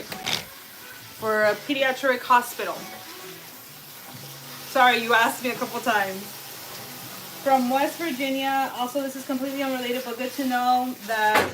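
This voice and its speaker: Chatty higher-voiced woman cooking on a livestream. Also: noisy background. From San Diego, California, USA. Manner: chatty and slangy, reads viewer comments aloud. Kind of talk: casual livestream chat while cooking. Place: home kitchen. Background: background music.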